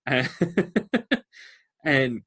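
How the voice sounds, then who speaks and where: A man's voice: mid-range voice, sing-song, extremely slow, a bit bright, slightly rough. A man co-hosting a podcast in casual chat, animatedly explaining book lore at length. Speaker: podcast co-host.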